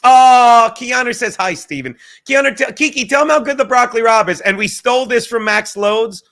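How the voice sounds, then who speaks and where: A man's voice: very high-pitched, fairly even intonation, fairly quick, a bit bright. A man hosting a podcast, talking in a rambling, profane and jokey casual monologue. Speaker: podcast host.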